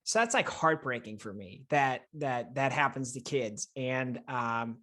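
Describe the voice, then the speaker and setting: A podcast co-host in casual chat, speaking earnestly with many halting restarts. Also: mid-range voice, lively intonation, sharp tone.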